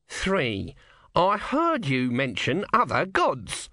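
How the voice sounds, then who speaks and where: A small, bad-tempered male god stuck in a tortoise's body, heckling with testy sarcasm and no patience at all. A man acts him out for an audiobook, pitching him a bit above his own voice. The reading is close and dry. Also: huge pitch swings, slow pace, pushed and bright, dry recording, full character voice. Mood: irritable.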